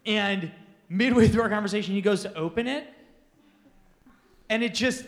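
At a youth conference, a man with a notably high-pitched voice tells energetic, self-deprecating stories to teens, laughing through the funny bits. He talks at normal speed with frequent pauses, and the room leaves a long reverb tail.

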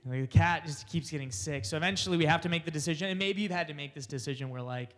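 A man telling a comic personal story to an audience, animated and laughing along as he goes. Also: fairly high pitch, fast talker, in a large hall. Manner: animated, laughs through his own story.

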